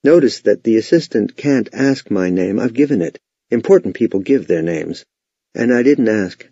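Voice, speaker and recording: A man's voice: on the low side, expressive, moderate pace, warm tone, slightly rough, no room sound. A man teaching sales techniques in scripted instructional narration, with an emphatic, authoritative delivery. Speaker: sales trainer. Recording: dull, lo-fi, dry voice-over.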